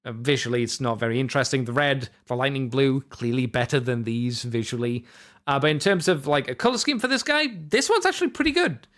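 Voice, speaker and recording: A man's voice: mid-range voice, brisk, fairly bright tone. A man hosting a podcast, chatting casually through a toy review with many fillers, self-corrections and offhand jokes. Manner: jokey, offhand asides. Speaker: podcast host.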